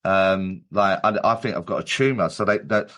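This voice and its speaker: A man's voice: deep voice, normal speed, a bit bright. A man, a medium and guest, telling his story in casual chat with many restarts and fillers.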